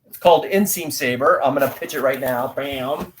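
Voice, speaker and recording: A middle-aged man from the United States, an actor guest telling stories in an interview and acting out dialogue loudly. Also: medium pitch, normal speed, a little hiss or hum. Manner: animated storyteller, acts out dialogue loudly. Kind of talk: storytelling interview talk.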